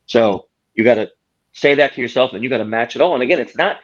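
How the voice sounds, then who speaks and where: A man's voice: medium pitch, fast talker, lo-fi sound. A man being interviewed as a guest author, explaining his work through stories and quoted examples. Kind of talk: conversational interview.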